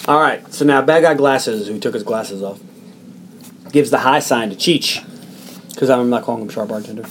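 A man hosting a casual podcast recaps a film plot in a loose, profane, chatty way. His voice sits in an ordinary middle pitch. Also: moderate pace, fairly bright tone, slight background noise. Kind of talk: casual chat.

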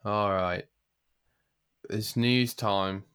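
A man's voice: fairly low pitch, fairly even intonation, extremely slow, a bit bright, smooth. A man co-hosting a podcast in upbeat, chatty conversation. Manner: upbeat, chatty, says "mate" often. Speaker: podcast co-host. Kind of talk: casual chat.

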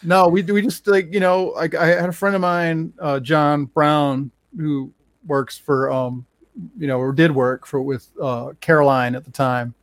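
A man's voice: on the high side, a little slow, no echo. A man who runs a record label, telling stories in a rambling casual chat with many fillers. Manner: rambling, animated, acts out quotes with many fillers.

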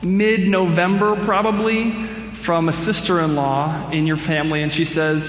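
A man with a high, light voice delivers a sermon in a relaxed, conversational way, teasing himself with dry humor. His words ring out through a large church with a long, roomy reverb trailing behind every phrase. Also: normal speed, slight background noise. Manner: conversational, self-deprecating humor. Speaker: pastor. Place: church sanctuary. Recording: echoey hall with long reverb.

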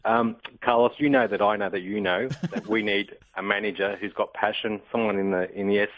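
Deep caller on a muffled line. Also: male voice, fairly even intonation, no echo. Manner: measured, matter-of-fact. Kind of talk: radio phone-in.

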